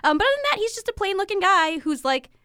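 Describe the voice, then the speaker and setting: A woman's voice: very high-pitched, expressive, quick pace, crowd noise. A woman co-hosting a casual book chat podcast, talking enthusiastically and laughing easily.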